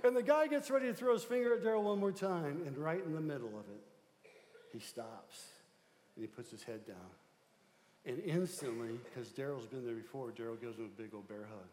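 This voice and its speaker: Animated pastor preaching in echoey hall. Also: male voice, medium pitch, brisk, slight background noise. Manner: animated, swings from loud excitement to hushed tones. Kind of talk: sermon storytelling. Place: church sanctuary.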